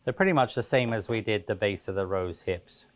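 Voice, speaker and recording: A man giving a relaxed, chatty step-by-step cake decorating tutorial, with frequent fillers and restarts. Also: fairly low pitch, brisk.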